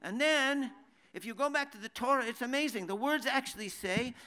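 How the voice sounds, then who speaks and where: A man's voice: very high voice, brisk, pushed and bright. A man teaching a sermon, conversational, with many rhetorical questions and restarts, reading verses in Hebrew and translating them. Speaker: Bible teacher.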